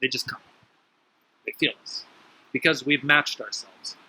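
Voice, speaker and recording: Bright-voiced man giving a motivational talk. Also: medium pitch, measured pace, breathy edge, poor audio. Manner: storytelling, emphatic with sudden lively jumps. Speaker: spiritual teacher.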